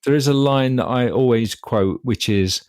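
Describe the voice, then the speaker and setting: A man's voice: mid-range voice, normal speed, darkish tone, clean tone, no room sound. A man, co-hosting a podcast in casual chat with a dry, wry and precise manner. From Derby, England. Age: 50s. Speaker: podcast co-host.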